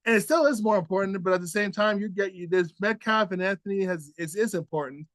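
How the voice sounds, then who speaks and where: A man's voice: high-pitched, fast, fairly bright tone, no echo. A man hosting an opinion commentary show, talking in an earnest, indignant way with many repeats and restarts. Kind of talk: opinion commentary, casual monologue.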